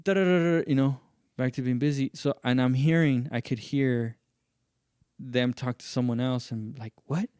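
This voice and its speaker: A man hosting a podcast, telling a story in casual chat and acting out what other people said in raised, animated voices. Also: mid-range voice, moderate pace, smooth, no echo, clean studio sound. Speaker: podcast host.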